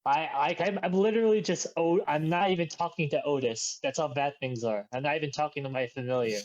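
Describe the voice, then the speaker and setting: A man in a casual tabletop role-play session, describing his character in a stammering, halting way. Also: on the high side, lo-fi sound. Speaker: player.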